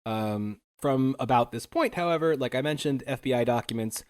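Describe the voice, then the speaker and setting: A man's voice: medium pitch, normal speed, darkish tone. A young man hosting a podcast, narrating history in a loose, wry way with plenty of fillers and small laughs. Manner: casual and wry, with many fillers and chuckles. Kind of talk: casual chat.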